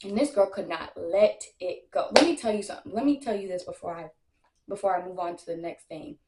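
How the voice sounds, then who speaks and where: A woman's voice: on the low side, a little fast, slight background noise. Young woman spilling the tea, brash and cussing, acts out everybody's lines, kinda echoey room. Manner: animated, brash, lots of slang and profanity; acts out other people's lines in quotes. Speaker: storytime vlogger. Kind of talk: casual storytime.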